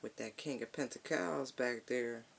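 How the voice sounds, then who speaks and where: Slow gravelly tarot reader. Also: medium pitch, noisy background. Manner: relaxed, slangy and profane, with drawn-out hums while pulling cards. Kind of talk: casual tarot reading livestream.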